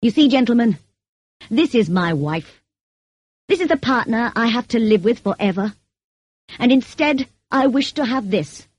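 A woman reading the lines of a brooding, commanding middle-aged gentleman in an audiobook, curt and bitter in manner. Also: lively intonation, a little slow, pauses often, slightly rough, dry recording. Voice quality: deep, growling.

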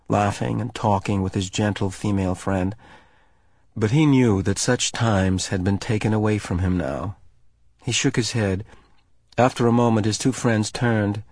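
A man reads a novel aloud in a measured, calm audiobook narration. His voice is low and steady, and the recording is dry and close, with no room sound. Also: gravelly, no room sound.

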